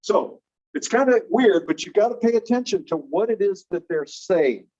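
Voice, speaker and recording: A male teacher gives a classroom lecture in a slightly high, mellow voice with a husky edge. He explains step by step and keeps turning questions to the class. The recording sounds dull and lo-fi. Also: expressive, normal speed.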